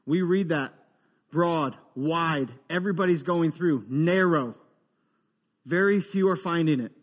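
A man preaching a humorous, conversational sermon, dropping into quiet asides and rising into emphatic build-ups. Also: a little high, unhurried, big-room sound. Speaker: pastor.

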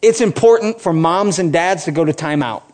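High-pitched middle-aged guy preaching, casual sermon talk, goes low when quoting people. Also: normal speed. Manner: conversational preaching, drops low for quoted lines, rises when animated. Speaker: pastor.

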